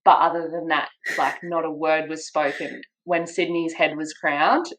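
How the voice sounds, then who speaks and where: A young woman with an Australian accent tells a personal story in a relaxed chat. Her voice sits a little low, and she slips into lively quoted voices. She laughs easily as she goes. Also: unhurried, rough recording. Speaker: podcast guest. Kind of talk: casual storytelling.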